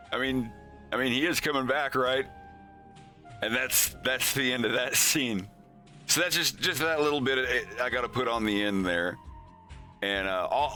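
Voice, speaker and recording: Slow-talking man with a bright, forceful voice. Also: fairly low pitch. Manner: rambling, restarts often, swears casually. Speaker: animator hosting a progress stream. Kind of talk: casual live-stream chat.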